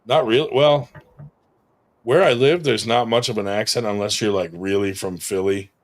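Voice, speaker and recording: A man's voice: lowish voice, steady tone, normal speed. A married man from New Hampshire in the United States, co-hosting a casual podcast, chatting loosely with plenty of swearing and joking. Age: adult, married. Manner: swearing, joking, does mocking impressions.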